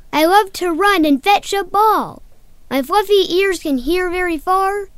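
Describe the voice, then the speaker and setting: High-voiced lady doing a slow sing-song rhyme for little kids, super dry close mic. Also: no room sound. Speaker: children's presenter. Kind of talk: sing-song rhyming for young children.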